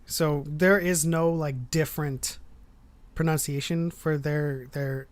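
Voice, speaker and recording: A man's voice: a little high, fairly even intonation, slow. A man hosting a casual stream chat, explaining at length with many ums and restarts. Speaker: host.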